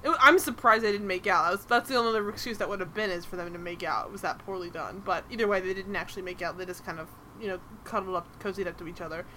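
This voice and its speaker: A woman hosting a casual podcast, talking in an animated, exasperated way and swearing freely. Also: fairly low pitch, fast, few pauses, slight background noise. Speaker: podcast host. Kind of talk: casual chat recapping a TV episode.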